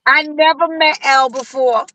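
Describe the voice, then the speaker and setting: A woman singer chatting casually over a video call, quick to react with bubbly comments. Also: sits high, fairly even intonation, crowd noise. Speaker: singer guest. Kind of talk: casual chat.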